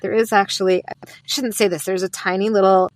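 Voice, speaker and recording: A woman's voice: mid-range voice, steady tone, brisk. A woman with an American accent, a podcast guest chatting casually and upbeat with many restarts. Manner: chatty, upbeat, fillers and self-interrupting restarts. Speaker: podcast guest, sleep podcast host. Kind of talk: casual conversational interview.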